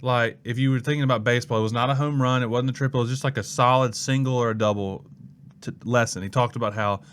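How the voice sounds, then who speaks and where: This young man talks fast in a mid-range voice, with a little hiss or hum on the recording. He's a student pastor from Mississippi telling his story in an informal interview, lively and acting out the people he quotes.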